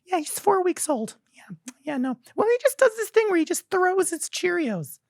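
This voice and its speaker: Brief: a man playing a gushing new mother, shrill falsetto, giggly, swooping pitch. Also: big pitch swings, normal speed, gravelly, dry recording, clean studio sound, exaggerated voice. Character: gushing young mother on a flight, woman.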